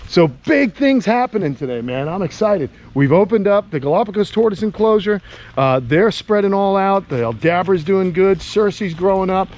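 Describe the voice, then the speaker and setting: A man's voice: sits high, animated, normal speed, a little mellow, dull audio, slight background noise. An enthusiastic man chatting casually in an outdoor vlog while walking around his animal camp. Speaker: animal keeper and vlogger.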